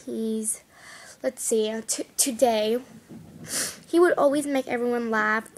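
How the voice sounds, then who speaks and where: A woman's voice: fairly high pitch, steady tone, unhurried. A girl vlogging casually, rambling and giggling as she talks about her classmates. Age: young girl. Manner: chatty, giggly, rambling with restarts. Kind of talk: casual chat to camera.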